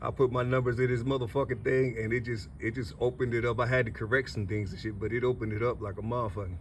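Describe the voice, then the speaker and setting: A middle-aged man rambles on in a loose, emotional monologue, repeating himself and swearing freely. His voice sits at an ordinary middle pitch and turns tearful, with faint noise in the background. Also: fairly even intonation, fast talker. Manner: rambling, repetitive, profane, full of "you see". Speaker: vlogger.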